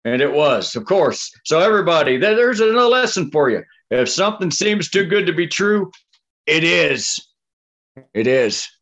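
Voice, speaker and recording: A man, co-hosting a podcast in a relaxed, casual way, often adding "man" and "you know what I mean.". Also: fairly high pitch, normal speed. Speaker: podcast co-host. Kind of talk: casual chat. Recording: dull lo-fi audio.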